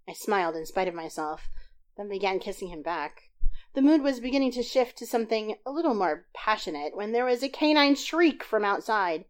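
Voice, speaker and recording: A podcast host reads her own short story aloud, recording into a tablet while lying in bed. She is getting over a sinus infection. Her reading is lively and expressive, and she puts extra force into the dialogue. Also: medium pitch. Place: in bed at home. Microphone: tablet recording app.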